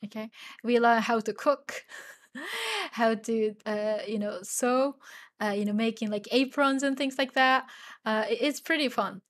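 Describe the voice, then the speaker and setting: A woman with a Japanese accent hosts a relaxed livestream lesson, sounding a bit tired. Her voice sits a little high. She talks in a chatty, rambling way, full of fillers. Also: measured pace. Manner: chatty, many fillers, laughs often, spells out words. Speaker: Japanese language teacher.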